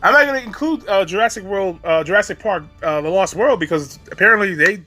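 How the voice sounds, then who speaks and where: A man's voice: high-pitched, lively intonation, quick pace, bright, forceful tone, faint music behind. A man giving ranting video commentary, exasperated and profane, breaking into laughs between points.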